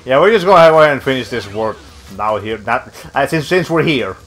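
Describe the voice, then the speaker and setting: A man's voice: medium pitch, lively intonation, a little fast, a bit bright. A young man giving casual, rambling commentary while streaming a video game, often cutting himself off mid-sentence. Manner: rambling, self-interrupting, with many fillers.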